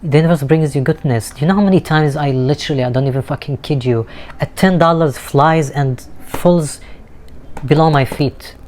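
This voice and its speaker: A man's voice: fairly high pitch, normal speed, darkish tone, slight background noise. Man talking openly about his life. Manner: earnest, emotional, casual swearing. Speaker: vlogger. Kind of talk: candid personal monologue. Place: outdoors in a city with street music nearby.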